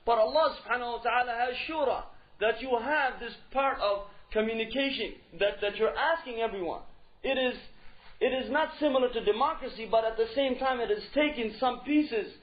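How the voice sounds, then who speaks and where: A man's voice: very high-pitched, fairly quick. A man giving a religious lecture in an emphatic style, repeating key phrases and asking rhetorical questions. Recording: dull lo-fi recording.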